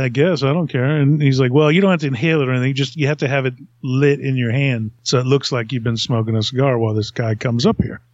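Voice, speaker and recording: A man's voice: medium pitch, dry recording. A man hosting a podcast, telling a long story in a rambling way and chuckling often. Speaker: podcast host. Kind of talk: casual storytelling. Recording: dull lo-fi sound.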